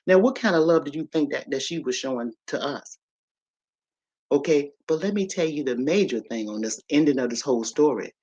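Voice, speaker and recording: A woman's voice: deep voice, lively intonation, a little fast, dark tone, breathy edge. A woman hosting a casual livestream, telling a story and preaching to her viewers, with in her speech. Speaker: livestream host. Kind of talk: casual live-stream monologue.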